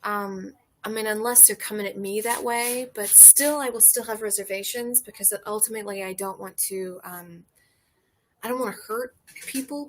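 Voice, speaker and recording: A woman's voice: mid-range voice, normal speed, slight background noise. A woman comedian in casual chat, telling candid, profane stories full of fillers, recorded outdoors on a porch.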